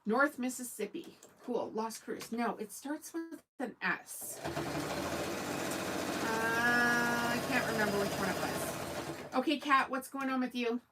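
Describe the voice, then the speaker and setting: A woman's voice: on the high side, slow pace, very noisy. A woman from Canada, hosting a casual sewing livestream, chatting in a rambling way and answering viewers' comments. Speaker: sewing channel host.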